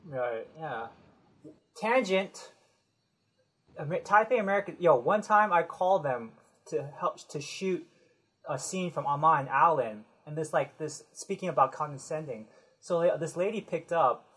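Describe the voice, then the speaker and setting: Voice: medium pitch, animated, measured pace, fairly bright tone, slightly rough, poor audio. A podcast host chatting casually, rambling and correcting themselves mid-story.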